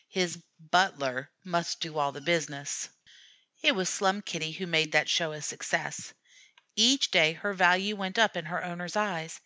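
Woman narrating a classic story, lowish bright voice. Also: no room sound. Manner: measured, steady storytelling. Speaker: audiobook narrator.

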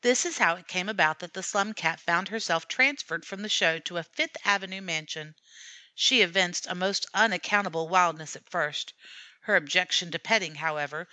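A woman narrating a classic story as an audiobook, measured and steady. Her voice sits fairly low yet sounds bright and forward. The recording is dry and close, with no room sound. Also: dry recording.

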